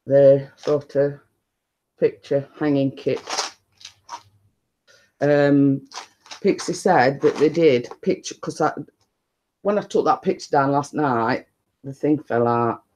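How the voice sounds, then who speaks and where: A man hosting a casual live stream from his living room, talking quietly and rambling chattily to viewers. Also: mid-range voice, slow pace, pauses often, slight background noise. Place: living room at home, indoors.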